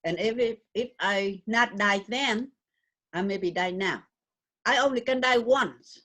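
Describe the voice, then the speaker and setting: A woman's voice: mid-range voice, measured pace, bright, forceful tone. An older woman from Vietnam with a Vietnamese accent and broken English, speaking earnestly and emphatically in an interview. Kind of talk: conversational interview.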